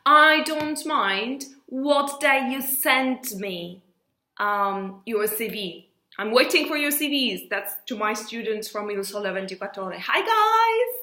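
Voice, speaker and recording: A woman teaching an English lesson in a lively, animated way, slowly stretching out her example phrases. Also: on the high side, roomy sound.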